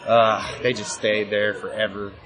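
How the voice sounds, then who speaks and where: Profane, animated man over crowd noise. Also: fairly low pitch, unhurried. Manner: profane, animated storytelling, laughs often. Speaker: guest wrestler. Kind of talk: casual storytelling. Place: busy convention floor. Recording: noisy convention crowd. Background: crowd chatter.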